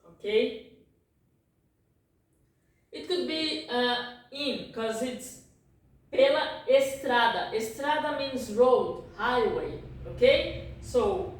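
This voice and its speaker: A native Portuguese-speaking woman teaches a language lesson slowly, with a fairly high voice. She keeps checking in with "ok?" and corrects herself as she goes. The recording is very echoey, with her voice picked up from a distance. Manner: repeats words and checks in with "ok?" constantly; self-correcting, apologetic asides. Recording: very echoey room, distant mic.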